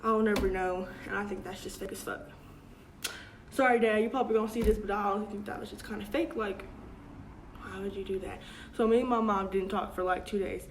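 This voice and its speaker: A woman's voice: mid-range voice, fairly even intonation, brisk, slight background noise. A young adult woman telling a casual storytime, chatty and full of slang, acting out what her family said. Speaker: vlogger.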